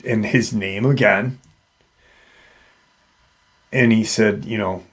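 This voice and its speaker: Guy hosting a paranormal show, slow unhurried drawl, rambly with lots of "you know". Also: on the low side, fairly even intonation, breathy edge. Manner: rambling, hesitant, lots of fillers. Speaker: podcast host. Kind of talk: casual paranormal storytelling.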